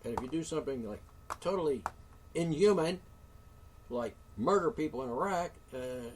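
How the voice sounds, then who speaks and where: A man's voice: fairly high pitch, animated, moderate pace, distant mic, a little hiss or hum. A man hosting a solo talk show, ranting indignantly with curses, sighs and sarcastic asides. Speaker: show host.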